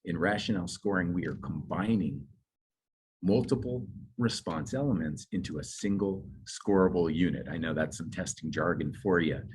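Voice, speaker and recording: A nursing exam instructor talks through exam scoring at a moderate pace, in a conversational lecture dotted with fillers and asides. His voice sits low and is darkish and husky, and it's slightly going. The recording is rough.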